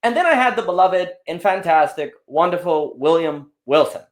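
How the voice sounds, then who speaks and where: A man speaks as a conversation guest, his voice sitting a little high and swinging widely in pitch as he tells stories. He talks in loose, rambling runs, often restarting his sentences and tumbling into asides. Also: moderate pace. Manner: animated, rambling storytelling with frequent restarts. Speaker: podcast guest. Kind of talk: casual conversation.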